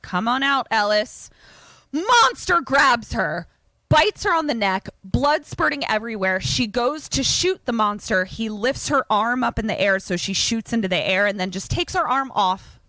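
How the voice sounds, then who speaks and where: A woman podcast co-host casually retelling a horror film plot, animated and swearing freely. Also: medium pitch, dry recording. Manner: animated, swearing, lots of fillers.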